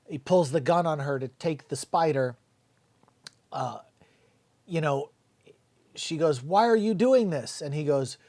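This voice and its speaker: A man's voice: fairly high pitch, a little mellow. A middle-aged man giving a blunt, casual spoken movie review, swearing freely and mocking the dialogue. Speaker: film reviewer.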